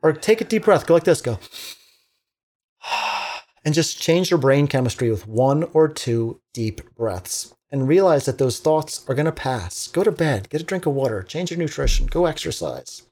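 A man who works as a teacher, talking casually on a podcast in an animated, motivational way, acting out little quotes. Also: on the high side, moderate pace. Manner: animated, preachy motivational talk with acted-out quotes.

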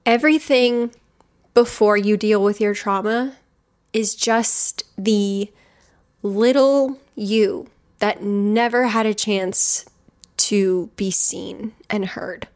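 A woman talks frankly about healing work in a personal monologue. She is emphatic and blunt, swears now and then, and speaks at an average pitch. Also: slow, a little mellow. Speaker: podcast host, healing coach.

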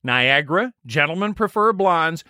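A man's voice: a little high, animated, normal speed, sharp tone, no room sound, studio quality. A man co-hosting a podcast, chatting casually and telling the story as he recaps a sitcom. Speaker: podcast co-host.

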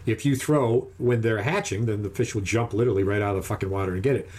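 A man casually telling a long, animated fishing story, acting out the other people's lines in raised voices. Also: lowish voice, quick pace.

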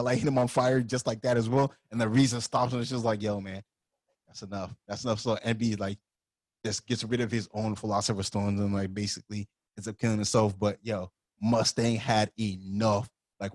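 A man casually retelling anime scenes as a podcast co-host, animated and full of "like" and "yo". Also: mid-range voice, no room sound, studio quality. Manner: animated storyteller, heavy use of "like" and "yo".

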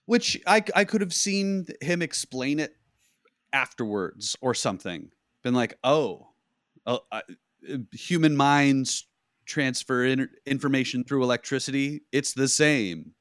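A man's voice: mid-range voice, animated, a little slow, a bit bright, dry recording, clean studio sound. A man co-hosting a casual movie review podcast, blunt and riffing, with some swearing. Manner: blunt, swears, riffs on ideas. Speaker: podcast co-host.

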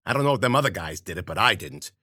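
A man's voice: fairly low pitch, animated, very fast, pushed and bright, husky, no echo, clean studio sound. A man telling a first-person story in hardboiled slang, with wry asides to the listener. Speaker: storyteller and podcast host.

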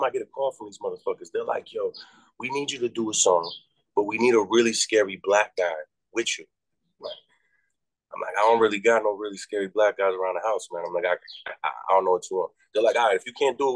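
A rapper from Massachusetts telling a story in a casual interview, animated and profane, acting out the people he quotes with big jumps in his voice. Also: lowish voice, no echo, rough recording. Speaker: rapper and podcast guest.

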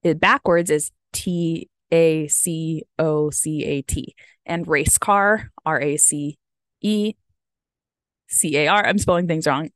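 This American woman, a vlogger in her thirties, speaks slowly in a low voice with fairly even intonation. Still sniffly from tearing up, she rambles casually, full of "like" and "um," with no echo on the recording.

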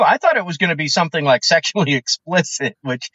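A comedian guesting on a podcast, talking in an animated, opinionated way and acting out quoted voices. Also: male voice, high-pitched, fairly quick, few pauses, slightly rough, no echo, lo-fi sound. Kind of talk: casual podcast chat.

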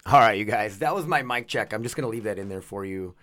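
A man's voice: fairly low pitch, animated, fast talker, fairly bright tone, no echo, clean studio sound. A man hosting his own podcast, rambling in a goofy, profane, casual way. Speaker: podcast host.

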